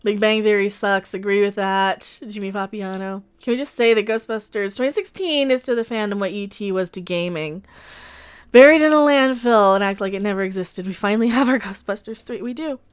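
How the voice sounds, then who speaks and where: A woman's voice: mid-range voice, a little fast, clean tone. A woman hosting a livestream reaction, rambling in a casual emotional rant, with many restarts and laughs between points.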